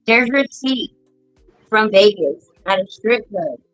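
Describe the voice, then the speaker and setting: With lively intonation and a fairly bright, mid-range voice, a middle-aged podcast host talks a little slowly through family stories, blunt and heavily profane in a casual chat. There's no echo, though the sound is dull and lo-fi, with soft background music.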